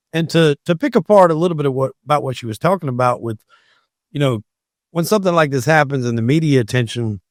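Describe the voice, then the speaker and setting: A man's voice: on the high side, dry recording, studio quality. A man hosting a podcast, giving emphatic opinions in casual discussion. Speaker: podcast host.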